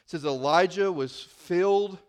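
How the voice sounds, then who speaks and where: A high-pitched male pastor delivers a sermon from the stage, speaking into a microphone. He tells a scripture story with animated energy, acting out the lines of the people in it. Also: normal speed, smooth. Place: church sanctuary.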